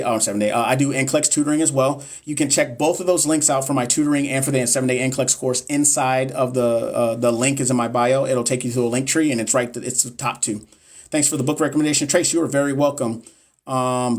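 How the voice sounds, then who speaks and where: A young man, a nurse educator on a casual live stream, answering viewers bluntly and with swearing, repeating himself for emphasis. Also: medium pitch. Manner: blunt, profane, repetitive and emphatic.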